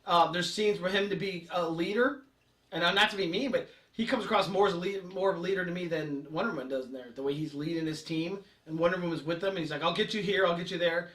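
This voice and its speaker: Laid-back guy talking movies, kinda high bright voice, echoey room far from mic. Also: quick pace. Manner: easygoing, hesitant with fillers. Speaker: podcast co-host. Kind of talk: casual movie review chat.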